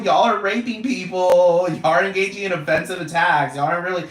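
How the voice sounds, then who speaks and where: A man's voice: high voice, brisk, few pauses, a bit bright, reverberant, slight background noise, rough recording. A man ranting casually to camera, rambling and profane, repeating himself and laughing often. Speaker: vlogger.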